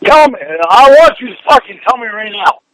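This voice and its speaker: Brief: enraged man, very high pitch, hoarse and strained, nonstop cursing in a private fight. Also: fairly quick, low-quality recording. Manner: furious, shouting, heavy swearing. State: sore, strained voice. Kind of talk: heated private argument.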